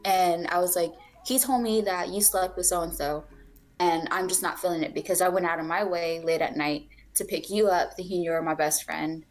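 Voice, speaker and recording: A woman's voice: lowish voice, fairly even intonation, normal speed, faint music behind. Candid young woman telling a story. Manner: candid, swears freely, acts out quoted dialogue. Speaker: podcast co-host. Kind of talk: casual storytelling chat.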